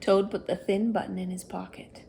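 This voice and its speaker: A woman reading a children's picture book aloud, gentle and steady. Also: medium pitch, vocal fry, a little hiss or hum. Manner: slow, gentle storytime reading. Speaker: storyteller. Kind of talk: children's read-aloud story.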